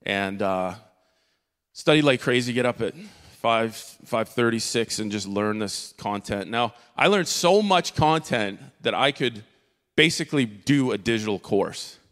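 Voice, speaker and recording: A man giving an earnest church testimony from the stage, halting and full of fillers and restarts. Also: mid-range voice, expressive, a bit bright. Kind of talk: emotional spoken testimony. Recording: long reverb of a large hall.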